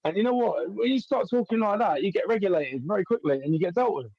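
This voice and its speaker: A man's voice: sits high, expressive, quick pace, vocal fry, highs cut off, a little hiss or hum. A man from North London with a London accent, calling into a live stream and talking in a swaggering, sweary way. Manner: swaggering, sweary, laughs a lot. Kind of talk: brash live-stream chat.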